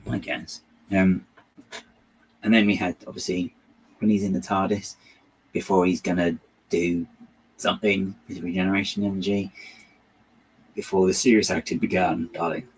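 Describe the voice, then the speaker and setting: A man hosts a casual build-and-chat, talking his opinions through in a wry, meandering way full of restarts. His voice sits slightly low. A faint background hum runs under him. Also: little pitch movement, normal speed, pauses often, poor audio. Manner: rambling, hesitant, wry and opinionated. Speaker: host of a building channel.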